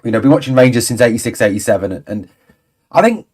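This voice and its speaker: Man in his forties, fan channel host, chatty, rambling, exasperated asides, mid-pitched voice. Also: animated, fast talker, darkish tone. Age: 40s. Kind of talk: casual livestream chat reading viewer comments.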